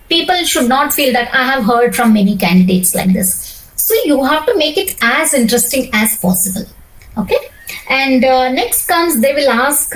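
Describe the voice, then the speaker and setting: High-voiced woman coaching interview skills. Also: distant mic, rough recording. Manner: explanatory, many fillers and restarts, stresses words. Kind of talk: one-on-one coaching session.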